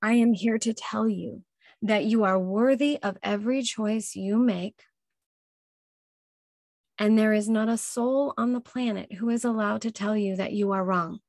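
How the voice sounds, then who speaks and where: A woman delivers a motivational talk at a slow, deliberate pace, leaning on each phrase and repeating her key lines. Her voice sits in a middle register, recorded dry and close with no room sound. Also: mid-range voice, darkish tone, no echo. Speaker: podcast host. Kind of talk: motivational self-help talk.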